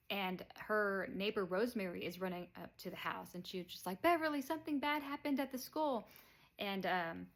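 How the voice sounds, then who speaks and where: A woman casually retells a movie plot in a rambling way. She leans on fillers and chuckles now and then. It sounds unscripted and easygoing. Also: medium pitch. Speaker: movie reviewer.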